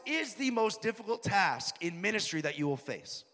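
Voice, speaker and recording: A man preaching a sermon, telling a story and quoting people in a lowered voice. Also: big pitch swings, normal speed, sharp tone. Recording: long hall reverb.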